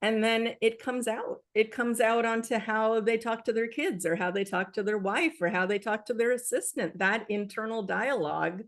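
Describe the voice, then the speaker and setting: A woman's voice: fairly high pitch, normal speed, few pauses. A woman author, a guest in an interview, speaking earnestly and acting out quoted self-talk. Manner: earnest, animated with acted-out quotes. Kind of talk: conversational interview.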